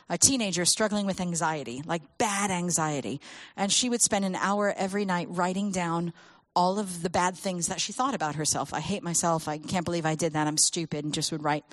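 A woman with a lowish voice addresses a church gathering, recorded close and dry. She talks in an animated storytelling way and acts out the lines of the people in her stories. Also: no echo. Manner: animated storytelling with acted quotes. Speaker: speaker on children's ministry. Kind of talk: talk to a church audience.

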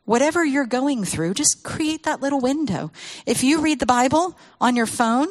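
A woman's voice: high-pitched, lively intonation, normal speed. A woman giving a storytelling talk to parents as a children's ministry speaker, acting out the voices she quotes and laughing often.

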